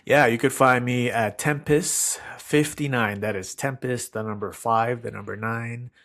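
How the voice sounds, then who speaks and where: A man's voice: mid-range voice, fairly even intonation, measured pace, a bit bright. A man co-hosting a marketing podcast, talking in an easygoing, informal way. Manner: easygoing, laid-back, informal. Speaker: podcast co-host. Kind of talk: casual podcast chat.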